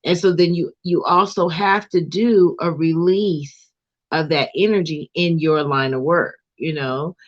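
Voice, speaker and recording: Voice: medium pitch, fairly even intonation, unhurried, lo-fi sound. A spiritual counselor talking earnestly in a casual chat, stringing together lists of words.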